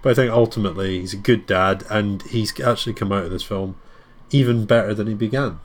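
A man's voice: lowish voice, fairly quick. A man hosting a podcast, chatting casually and rambling a little with fillers as he reads out contact details. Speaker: podcast host.

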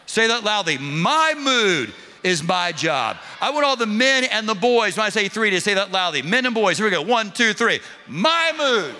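A male pastor preaching a sermon, leading the congregation in call-and-response, then quiet and earnest in prayer. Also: sits high, fast, few pauses. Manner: drops to a quiet, intimate prayer tone.

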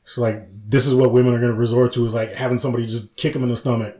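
A man's voice: medium pitch, level tone, rapid-fire, mellow. A man co-hosting a casual podcast, who retells comedy sketches with acted-out lines, laughs often and swears freely. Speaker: podcast co-host. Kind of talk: casual chat.

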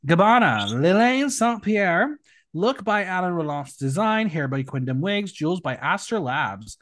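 A man hosting a podcast, chatting casually and giving opinionated reviews of runway looks in an animated way. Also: high-pitched, a little slow, no room sound, clean studio sound. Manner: animated, opinionated, swings between loud and hushed. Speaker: podcast host. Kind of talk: casual recap chat.

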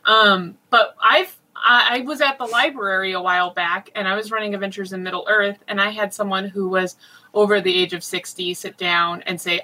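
Woman game master, chatty, voice going hoarse, bright timbre. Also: medium pitch, fairly even intonation, rough recording. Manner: chatty, with fillers and quick asides. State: losing her voice. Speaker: game master at a role-playing nonprofit. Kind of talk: casual interview chat.

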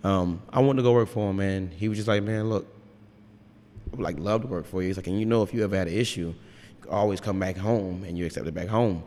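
A man's voice: low voice, fast, a little mellow, in a large hall, slight background noise. A man brewer chatting casually in an interview, rambling and frank, swearing freely.

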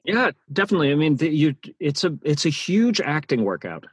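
A man's voice: on the high side, a little fast, breathy edge, no echo. A man who narrates audiobooks, talking animatedly in an interview and often restarting his sentences. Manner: animated, many restarts and repeated words. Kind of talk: interview conversation.

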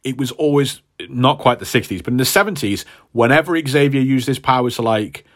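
A podcast co-host casually retells a comic story in a medium-pitched, slightly fast voice. In this casual chat his retelling rambles, and he acts out the characters' lines.

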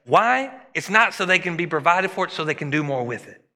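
A man preaching a sermon as pastor, animated and rising and dropping his voice for emphasis. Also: a little high, a little fast. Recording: long hall reverb.

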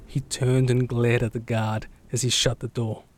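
A man narrates a drama in a steady, level voice with little rise and fall. A clear background noise runs beneath him. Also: medium pitch, normal speed. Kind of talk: scripted narration.

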